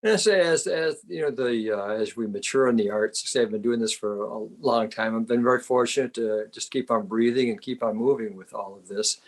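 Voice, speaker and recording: An older man with an Upper Midwest accent, from Wisconsin, speaking as a calm, reflective, good-humored interview guest. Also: mid-range voice, a little fast, hardly any pauses. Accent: Upper Midwest American. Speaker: guest, retired psychotherapist and martial artist. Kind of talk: casual interview chat.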